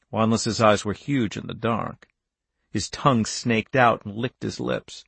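A man narrates an audiobook in a steady, measured way. His voice has a gravelly texture, and the recording is close and dry with no room sound. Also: fairly low pitch, no echo.

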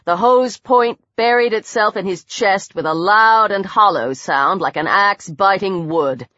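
A woman narrating a horror novel in a measured, dramatic reading. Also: medium pitch, a bit bright, no echo. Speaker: audiobook narrator. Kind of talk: scripted narration. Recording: dull dry audiobook recording.

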